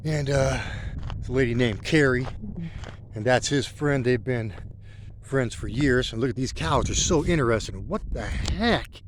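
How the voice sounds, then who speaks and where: A man's voice: medium pitch, normal speed, a little hiss or hum. A middle-aged man, talking in a rambling, heartfelt way while out on a country road. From rural country background. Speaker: motorcycle vlogger. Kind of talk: casual spoken vlog while riding.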